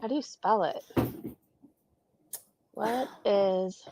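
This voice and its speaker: A woman's voice: medium pitch, very slow, noisy background. A woman co-hosting a livestream, chatting casually and rambling through stories with frequent laughs. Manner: rambling storytelling, laughs often. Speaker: livestream co-host.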